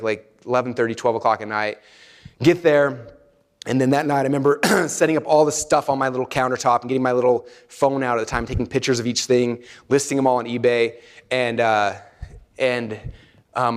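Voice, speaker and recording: Fast-talking man telling a story. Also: mid-range voice. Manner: animated, laughs often, quotes himself. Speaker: speaker telling a personal story. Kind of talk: casual storytelling to an audience.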